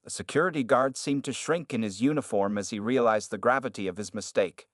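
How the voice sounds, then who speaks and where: Narrating a scripted drama, a man speaks briskly in a steady, even manner at a middle pitch. It's a close, very dry recording without any room sound.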